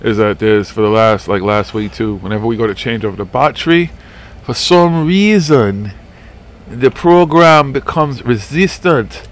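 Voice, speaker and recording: A man's voice: mid-range voice, unhurried. A man hosting a live paranormal radio show, chatting in a rambling, profane, laid-back way. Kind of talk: casual live radio chat.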